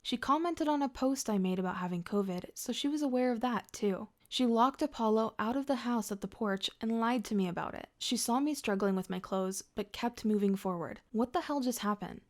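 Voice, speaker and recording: A woman reading first-person drama stories aloud in a steady scripted narration. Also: a little high.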